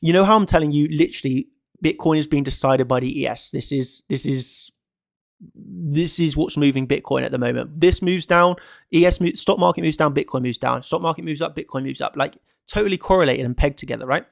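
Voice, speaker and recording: A man with a fairly high, vocal-fried voice runs a crypto trading channel, offering casual market commentary to camera. He's emphatic and repetitive, stacking phrases and repeating them for stress. The studio-quality recording has no echo.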